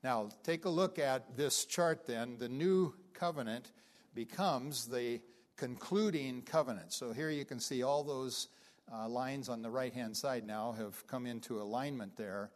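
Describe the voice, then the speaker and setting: A man teaching a Bible class, explaining scripture in an unhurried lecture style with frequent fillers, and reading passages aloud with emphasis. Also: medium pitch.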